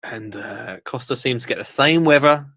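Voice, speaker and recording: A man's voice: mid-range voice, normal speed, very noisy. A British man hosting a podcast, chatting casually with joking asides as he watches a show. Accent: British English. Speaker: podcast host. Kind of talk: casual watch-along commentary.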